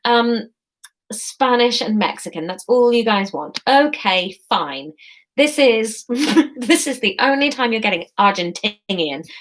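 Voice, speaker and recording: A woman's voice: fairly high pitch, lively intonation, a little hiss or hum. Self-mocking woman reading her own story. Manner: self-mocking, swears casually, quick asides. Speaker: storyteller host of a live audience-choice story. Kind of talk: reading own story with chatty asides to viewers.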